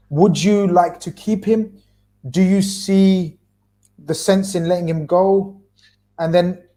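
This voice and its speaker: A man hosting a casual football chat on a livestream, animated, repeating himself and firing off questions. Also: fairly high pitch. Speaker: host.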